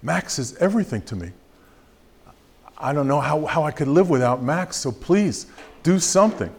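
A man's voice: a little high, animated, normal speed, vocal fry, darkish tone, breathy edge, heavily acted. A man voicing a desperate woman who begs a vet to save her pet in a told joke. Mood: pleading. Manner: begging, insistent.

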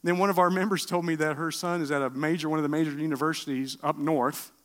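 A middle-aged man preaching a sermon, asking the room questions and swinging from loud bursts to hushed lines. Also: on the high side, fast. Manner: animated preaching with rhetorical questions and sudden drops to quiet. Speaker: pastor.

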